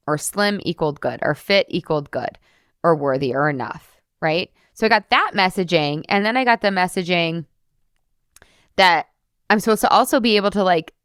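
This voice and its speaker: A woman's voice: lowish voice, fairly bright tone, smooth, dry recording, studio quality. A woman in her thirties hosting a solo podcast as a weight loss coach, chatty, peppering her speech with "like" and casual swearing.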